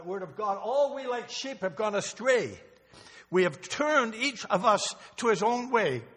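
A man's voice: sits high, a bit bright. An older man preaching a sermon in a church, emotional and rambling, with restarts and asides. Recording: long hall reverb.

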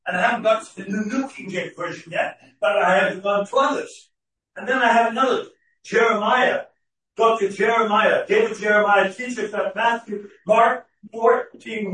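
High-voiced preacher in an echoey hall. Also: male voice, far from the mic, a little hiss or hum. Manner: repeats words and restarts, rising to shouted questions. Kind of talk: sermon.

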